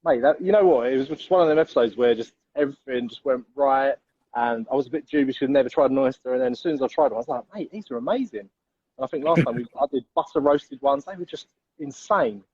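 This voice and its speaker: A man's voice: mid-range voice, darkish tone, breathy edge, no room sound, lo-fi sound. A young man co-hosting a casual live show, enthusiastic and calling his partner mate. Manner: enthusiastic, rapid, says mate often. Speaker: co-host.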